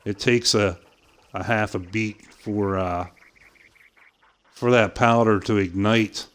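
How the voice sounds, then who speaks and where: Older guy on a game stream, lowish voice, spinning a story and cussing a lot. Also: takes it slowly. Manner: animated anecdote-telling with impressions and swearing. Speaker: gaming streamer. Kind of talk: casual storytelling while playing.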